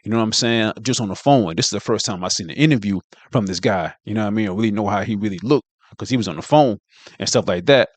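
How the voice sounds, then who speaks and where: A man talking through gossip with a co-host in a slangy, incredulous way. His voice sits low, and the sound is dry and close with no room around it. He leans on filler phrases and doubts every claim. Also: quick pace, no echo. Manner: slangy, incredulous, says "you know what I'm saying" often. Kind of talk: casual commentary.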